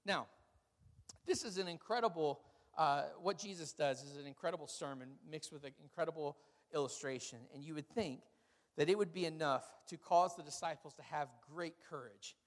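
A man, a pastor, preaching a sermon with humorous, animated storytelling. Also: on the high side, normal speed, long reverb tail.

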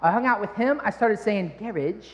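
A man's voice: sits high, brisk. A man preaching a sermon in church, talking in a conversational way with playful asides. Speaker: pastor. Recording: long reverb of a large hall.

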